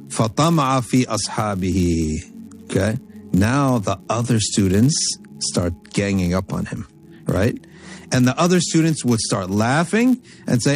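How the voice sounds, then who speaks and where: A man giving a religious lecture, telling a story from Arabic texts and explaining it in English with animated, emphatic delivery. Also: lowish voice. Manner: emphatic, repeats phrases for stress. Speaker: Islamic teacher.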